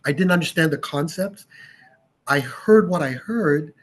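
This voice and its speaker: A man from Canada with a slightly husky voice and a somewhat high pitch. He is a podcast guest who explains his memories thoughtfully and at an easy pace. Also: expressive, a little slow. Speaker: podcast guest, audio reviewer. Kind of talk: casual interview chat.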